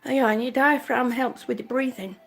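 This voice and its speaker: A woman's voice: high voice, steady tone, normal speed, gravelly, soft background music. Chatty woman vlogging from home. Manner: chatty, warm, thanks viewers by name. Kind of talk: casual live-stream chat. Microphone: phone or camera held by hand.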